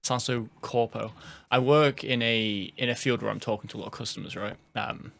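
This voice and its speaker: Gravelly man rambling over gameplay. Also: mid-range voice, fairly bright tone. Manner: rambling, fast-running words with frequent swearing and fillers. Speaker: gameplay commentator. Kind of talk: casual rambling gameplay commentary.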